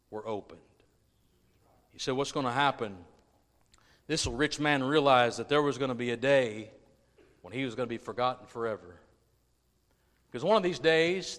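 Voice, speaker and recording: Preacher, man, higher voice, hushed-to-loud sermon delivery, long hall reverb. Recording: long reverb in a large room.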